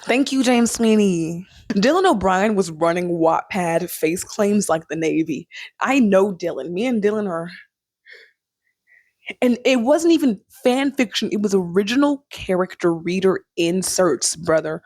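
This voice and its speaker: A young woman chatting casually as a vlogger reviewing a movie, animated and quick to laugh. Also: medium pitch, dry recording, clean studio sound. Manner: chatty, animated, laughs often, sings snippets.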